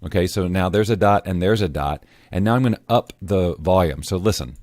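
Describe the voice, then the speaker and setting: A man walking viewers through an audio editing tutorial in a casual, self-correcting way, often clearing his throat. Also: deep voice, brisk, darkish tone, no room sound, clean studio sound. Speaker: voiceover tutorial host. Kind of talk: screen-recorded software tutorial.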